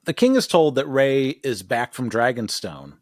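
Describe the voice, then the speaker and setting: A male podcast co-host in easy, joking conversation, his voice sitting at an ordinary middle pitch. The sound is dry and close, with no room echo. He swears casually as he talks. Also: moderate pace. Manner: jokey and relaxed, swears casually, slips into mock voices. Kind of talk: casual chat recapping a TV episode.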